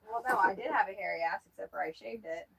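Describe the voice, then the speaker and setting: A woman's voice: medium pitch, quick pace, gravelly, a bit bright. A woman chatting casually on a livestream, joking around and laughing often. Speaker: livestream host.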